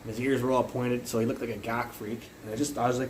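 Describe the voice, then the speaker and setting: A man's voice: medium pitch, level tone, quick pace, slight background noise, poor audio. A young man livestreaming from his phone, telling rambling stories in casual chat and swearing constantly. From Canada, Burnaby area. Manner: rambling, swears constantly, acts out loud yells in his anecdotes. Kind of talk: casual profane storytelling.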